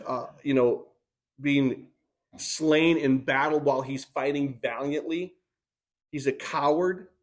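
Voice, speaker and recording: Earnest male preacher, sick-sounding voice. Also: a little high. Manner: earnest, emphatic, repeats key phrases. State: sick, strained voice. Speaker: pastor. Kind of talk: sermon.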